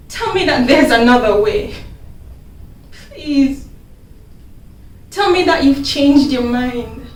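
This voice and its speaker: An actress playing a weary man who pleads in hesitant prayer to his father, in a stage monologue. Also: high-pitched. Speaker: drama ministry actor. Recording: echoey room, distant mic.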